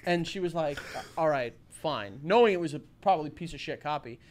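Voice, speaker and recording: A man's voice: a little high, fast talker, a little hiss or hum. A man hosting a casual podcast, telling stories with lots of swearing and laughter. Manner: animated storyteller, swearing, laughing often. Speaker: podcast host.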